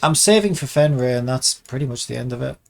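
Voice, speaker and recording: Talking fast with vocal fry and lively intonation, a mid-range-voiced game developer gives casual vlog commentary mid-work. Exasperated throughout, he mutters, curses, and keeps abandoning and restarting his sentences.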